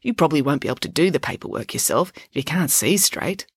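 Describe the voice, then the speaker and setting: A woman's voice: low-pitched, lively intonation, husky, no echo, studio quality, exaggerated voice. A woman voicing a bossy, very confident know-it-all girl who talks smugly and persuasively in a storybook reading. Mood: soothing. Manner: smug, persuasive, fast-talking.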